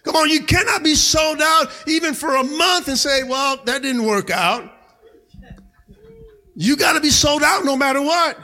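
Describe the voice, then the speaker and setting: Pastor guy preaching loud in church, real high bright voice, bit raspy, keeps going come on amen. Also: unhurried. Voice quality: a little raspy. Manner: shouting calls of "come on" and "amen" to the congregation. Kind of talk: energetic sermon. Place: church sanctuary.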